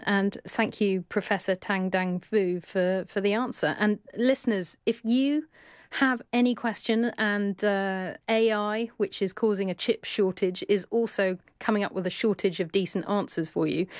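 A woman's voice: mid-range voice, no room sound, studio quality. A woman hosting a radio show, chatty and playful as she takes listener questions. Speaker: radio host.

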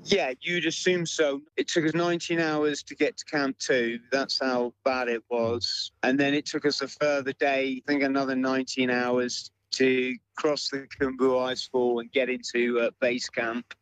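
A man being interviewed about a mountaineering expedition, speaking in a measured way with fillers and pauses. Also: medium pitch, little pitch movement, a bit bright, poor audio. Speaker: mountaineer guest. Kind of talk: remote interview answers.

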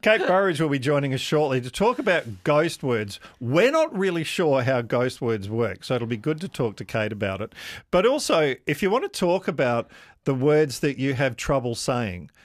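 Brisk Australian man hosting talkback radio. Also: mid-range voice, sing-song, no room sound, studio quality. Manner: brisk, chatty, reads out texts. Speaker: radio host. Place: radio studio.

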